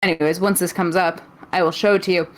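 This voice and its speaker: A woman's voice: lowish voice, fairly even intonation, quick pace, poor audio. Teasing woman recapping a match. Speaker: podcast co-host. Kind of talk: casual chat and match recap.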